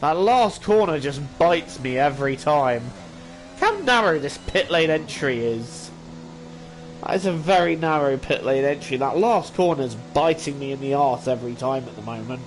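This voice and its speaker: A man's voice: a little high, lively intonation, moderate pace. A man talking to himself while playing a racing game, self-critical with exasperated outbursts. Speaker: gaming channel host. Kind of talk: casual gameplay commentary. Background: faint game music.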